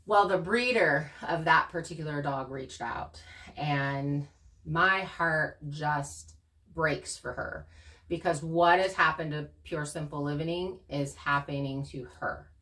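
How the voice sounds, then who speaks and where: A woman co-hosting a channel, casually talking through her experiences in an earnest, animated way. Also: low-pitched, slow pace, distant mic. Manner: earnest, animated storytelling with laughs. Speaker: channel co-host. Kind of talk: casual conversation.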